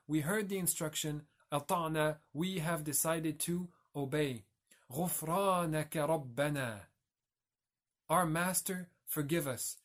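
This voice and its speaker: A man giving a reflective religious talk as a teacher, explaining and carefully pronouncing Arabic terms. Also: fairly high pitch.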